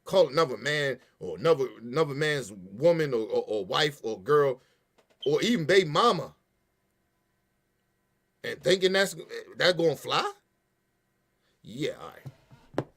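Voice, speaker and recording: Man, fairly high voice, heated profane rant, emphatic commentary. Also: unhurried, pauses often. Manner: profane, animated, emphatic ranting. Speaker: podcast host.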